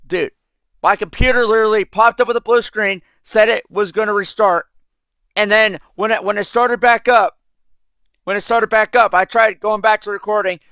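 A man's voice: high-pitched, fairly even intonation, moderate pace, sharp tone, no room sound, studio quality. A young man giving casual, rambling commentary over his gameplay, frustrated and swearing constantly. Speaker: let's play gamer.

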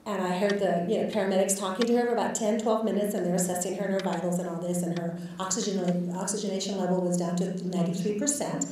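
A woman's voice: medium pitch, fairly even intonation, fast, hardly any pauses, dark tone, a little hiss or hum. Woman physician telling a patient story. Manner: candid, reflective, with filler words. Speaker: physician guest speaker. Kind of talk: storytelling in a lecture. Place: lecture hall. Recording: echoey lecture hall, far from mic.

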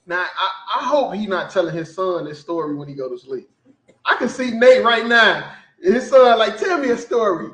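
High-voiced man doing mocking commentary. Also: moderate pace, echoey room. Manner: animated, profane, laughing often. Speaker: podcast host.

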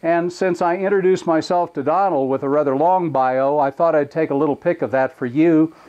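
A man's voice: a little high, normal speed, dark tone, lo-fi sound. An older man recording a dry, self-mocking comedic video message.

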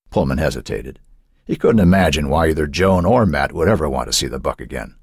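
Deep, husky male audiobook narrator. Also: expressive, fairly quick, dry recording, clean studio sound.

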